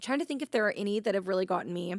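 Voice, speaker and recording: A woman co-hosting a church podcast in casual chat, animated and laughing often, with a rich, slightly throaty voice. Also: medium pitch, very fast, dry recording, studio quality. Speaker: podcast co-host.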